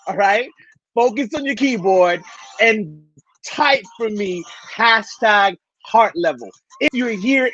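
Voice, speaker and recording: A man hosting a livestream talk show, hyping up his audience and shouting out introductions. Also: extremely high pitch, lo-fi sound, slight background noise. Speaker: livestream host.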